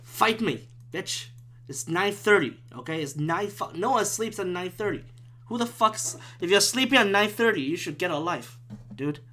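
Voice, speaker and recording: High-pitched and sharp-toned, this former stand-up comic sounds animated while keeping a moderate pace. He's ranting by himself on his podcast, profane, meandering, and exasperated, in a room at home where the window is open.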